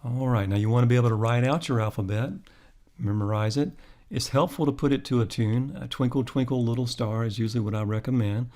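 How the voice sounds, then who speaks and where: A man teaching a lesson slowly and deliberately, spelling out each sound with care. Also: mid-range voice, steady tone, darkish tone. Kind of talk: slow, careful instructional lesson.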